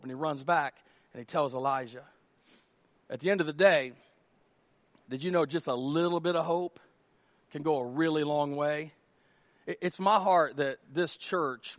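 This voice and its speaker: High-voiced pastor preaching animatedly. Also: male voice, no echo. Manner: animated storytelling, rhetorical questions to the audience. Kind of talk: sermon.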